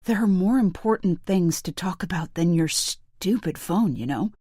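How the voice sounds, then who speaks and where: A woman voicing a cold, scornful young husband, crisp and dismissive as he drinks whiskey. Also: fairly low pitch, lively intonation, moderate pace, warm tone, dry recording, clean studio sound.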